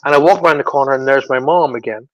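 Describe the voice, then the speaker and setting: A man's voice: mid-range voice, fast talker, dull audio. A man as a psychic medium guest, telling a personal story in an interview, emotional, with many restarts.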